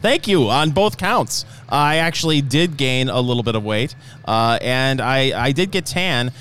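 A man's voice: mid-range voice, expressive, unhurried, a bit bright, smooth. A man co-hosting a food and drink talk show, answering dryly and with good humor. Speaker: co-host.

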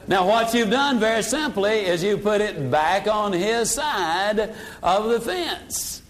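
High-voiced older sales trainer. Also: male voice, animated, slow, slight background noise. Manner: dramatic, acts out customer voices, drops voice low for effect. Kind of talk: motivational sales seminar talk.

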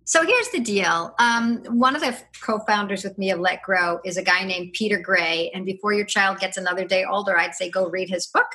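A middle-aged woman, a podcast guest, chatting and explaining at length in a lively, rambling way, with laughs and restarts. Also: medium pitch, fairly quick, hardly any pauses. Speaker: podcast guest, free-play advocate. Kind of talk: casual conversational explaining.

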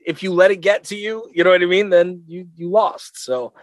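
A man's voice: sits high, steady tone, normal speed, no echo. Give me a laid-back, rambling man co-hosting a podcast, with a dry, close sound. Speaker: podcast co-host. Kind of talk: casual chat.

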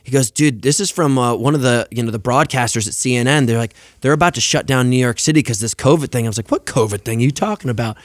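A man's voice: mid-range voice, fast talker, hardly any pauses, no echo, studio quality. A young man in casual podcast chat, telling stories animatedly, swearing and acting out quoted lines. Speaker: podcast guest.

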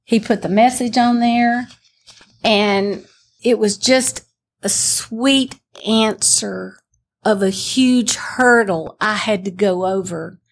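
Older lady telling her faith story, husky voice, earnest and emphatic. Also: medium pitch. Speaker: testimony speaker. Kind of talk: personal faith testimony.

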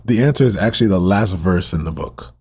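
A man hosting a Bible-reading podcast, emotional and passionate, who repeats rhetorical questions and swings between urgent and hushed delivery. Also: sits low, expressive, a little fast, slightly rough. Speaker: podcast host.

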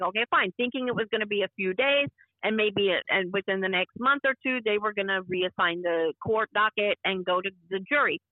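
A woman's voice: fairly high pitch, no room sound. A woman in her fifties, an interview guest giving an emphatic personal account and acting out the dialogue she quotes. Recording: tinny phone-line sound.

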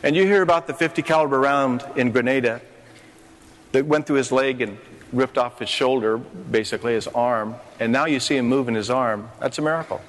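A man's voice: medium pitch, a bit bright. Older man preaching in an echoey hall. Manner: impassioned preaching with rising emphatic phrases. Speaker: pastor. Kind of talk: sermon on a conference stage. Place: conference hall stage. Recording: long hall reverb.

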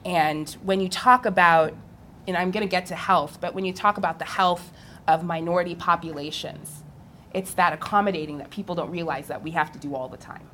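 Young woman talking on a panel, animated, laughs a lot, a bit of background noise. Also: lowish voice, brisk. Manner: animated storytelling, laughing often. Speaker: physical therapist on a panel. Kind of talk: live panel talk.

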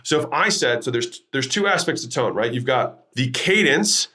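A man hosting his own podcast, teaching sales techniques in an emphatic, energetic way, shifting his tone and pace to make points. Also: medium pitch, moderate pace. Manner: energetic, emphatic, varies tone to demonstrate. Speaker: podcast host.

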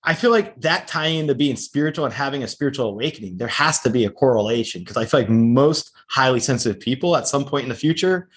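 A middle-aged man hosting a podcast, eager and enthusiastic, quick to affirm his guest. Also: mid-range voice, lively intonation. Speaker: podcast host. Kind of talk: podcast interview talk.

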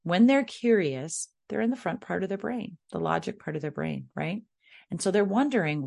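A woman's voice: on the low side, expressive, moderate pace, vocal fry, a little mellow. A woman with a Midwestern US accent hosting a parenting podcast, coaching in a conversational way and asking rhetorical questions. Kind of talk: podcast advice talk.

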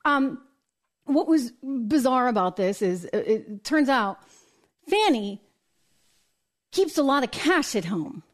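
An American woman hosts a live political commentary show, her voice sitting a little high. She talks in an animated, opinionated way and slips into mock voices when she quotes people. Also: takes it slowly, long pauses. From United States. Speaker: host.

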